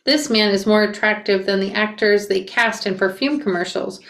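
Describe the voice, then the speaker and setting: A woman reading a memoir aloud and breaking off for quick asides and self-corrections. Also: medium pitch. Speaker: reader reacting to a memoir. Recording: roomy echo.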